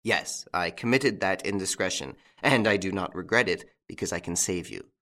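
Reading an audiobook, a man gives voice to a calm, authoritative gentleman thief who speaks distinctly and reassuringly. The tone is lowish and grave, at a moderate pace.

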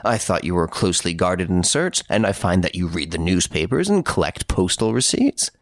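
A man reading an audiobook, voicing a serious, patient police detective who speaks in a slow, measured way. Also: low voice, very animated, no room sound, studio quality, heavily acted. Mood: earnest.

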